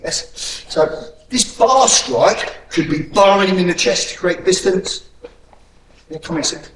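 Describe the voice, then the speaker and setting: A man coaching a self-defence class, his voice sitting a little high for a man. He is blunt and profane and barks drill commands. The sound comes from some way off the mic, in an echoey room with a faint hiss behind it. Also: far from the mic. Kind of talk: hands-on class instruction.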